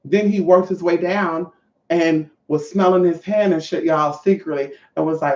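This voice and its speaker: A woman's voice: lowish voice, normal speed, darkish tone. A trans woman vlogger telling a story to her viewers in a sassy, profane way, calling them honey and y'all. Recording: echoey, distant, dull sound.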